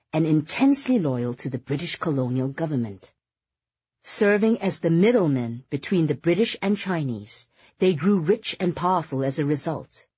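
A narrator with a husky, slightly breathy voice reads a novel aloud in a measured, careful way, easing off the pace on foreign words and names. The recording is dry and close to the mic, with a dull, slightly muffled sound. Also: medium pitch, a little mellow, no room sound. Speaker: audiobook narrator. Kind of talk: scripted audiobook narration.

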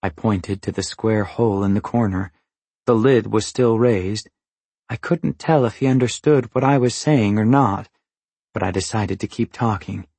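A man reading a novel aloud as narrator, in a measured, even storytelling manner. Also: lowish voice, breathy edge, no echo. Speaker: audiobook narrator. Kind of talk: scripted narration.

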